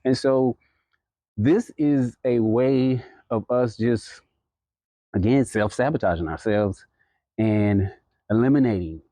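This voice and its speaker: A podcast creator talks to camera in a casual motivational chat, offering earnest, encouraging advice full of fillers and restarts. His medium-pitched, mellow voice moves slowly with long pauses, and the recording has no room sound.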